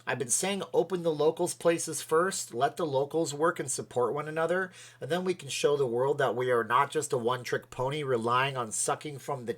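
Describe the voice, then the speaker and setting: A man's voice: a little high, fairly bright tone. A middle-aged man from Canada hosting a casual livestream, rambling and thanking viewers by name as he reads their comments. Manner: rambling, chatty, thanks viewers by name, sways while talking. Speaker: livestream host.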